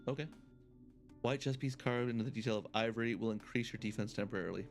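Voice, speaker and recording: A game streamer with a mid-range voice talks fast while playing, thinking aloud and laughing often. His casual let's-play commentary has faint music behind it.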